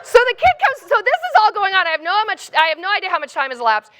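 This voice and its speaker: A woman keynote speaker telling a funny personal story in an animated, comic way. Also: very high voice, fast talker.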